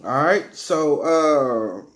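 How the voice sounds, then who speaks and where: A man leading an informal bible study, reading verses slowly and then explaining them in casual, heartfelt talk. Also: fairly high pitch, lively intonation, fairly bright tone. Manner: reads scripture slowly then explains in casual talk, repeating "you know what I mean". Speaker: bible teacher.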